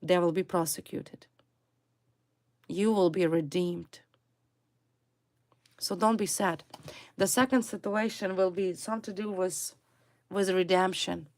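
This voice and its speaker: A woman reads tarot cards for her viewers at an unhurried, deliberate pace, her voice sitting a little low. She hammers points home by repeating single words. The sound is dry and close, with no room around it. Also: fairly even intonation, no echo. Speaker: tarot reader. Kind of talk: tarot reading addressed to viewers.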